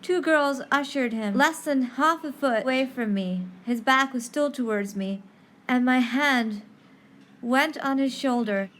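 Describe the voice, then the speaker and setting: Woman reading a story with a raised pitch. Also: fairly bright tone. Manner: dramatic, playful reading with pauses. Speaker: podcast host and storyteller. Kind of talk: expressive storytelling narration. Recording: faint background noise.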